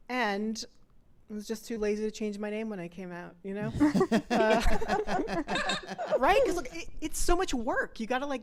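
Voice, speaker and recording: Young woman, stand-up comic, giggly, self-mocking, video call audio. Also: mid-range voice. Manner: giggly, self-mocking, laughs through lines. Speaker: stand-up comedian.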